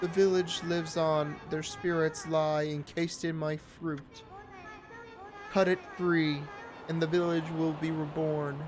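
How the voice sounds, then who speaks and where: A woman voicing a gentle, reverent female tree spirit in a video game. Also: sits low, little pitch movement, slow. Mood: solemn. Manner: solemn, reverent. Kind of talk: reading game dialogue aloud. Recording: game music behind.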